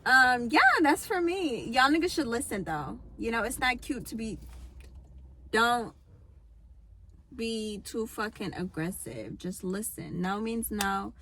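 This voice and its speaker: A young adult woman hosting a casual chat, telling stories in an animated, profane way. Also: on the high side, takes it slowly. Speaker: host.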